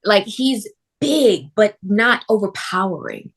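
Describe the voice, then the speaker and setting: A woman actress talking about her film role in a casual interview, telling stories in an expressive, animated way. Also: medium pitch, slow pace, breathy edge.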